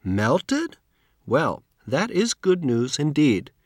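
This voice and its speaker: A surprised gate guardian from a storybook, read by a man. His questions swing up and down with lively pitch. Every word is slow and deliberate, in a dry, close sound. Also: dry recording, heavily acted. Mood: wondering. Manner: slow, clearly enunciated reading. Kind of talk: storybook read-aloud for learners.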